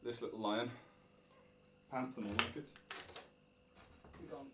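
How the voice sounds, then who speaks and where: A British man with a blended British-American accent hosts a casual charity livestream from home and narrates stories, his mid-range voice a little slow under heavy background noise. He's chatty and self-deprecating, laughing often and reading viewer comments aloud. He uses a desktop microphone with a fish tank close by.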